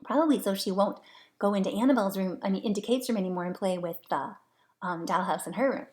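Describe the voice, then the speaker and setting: A woman's voice: medium pitch, fast, darkish tone. A woman reading a children's storybook aloud, with teacherly asides explaining words to young listeners. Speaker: storybook reader. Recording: roomy echo.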